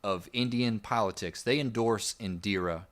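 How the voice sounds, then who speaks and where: A man with a notably deep, low voice walks through history in an easygoing, rambling manner. He co-hosts a casual podcast and leans on fillers as he talks. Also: moderate pace. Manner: relaxed, rambling storyteller with fillers. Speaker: podcast co-host.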